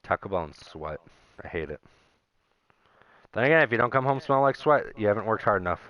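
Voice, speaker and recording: This young gaming YouTuber has a lowish voice and talks in an animated, brisk way, with the highs cut off. Venting casually to camera, he rambles with a sense of grievance as he reads out old messages.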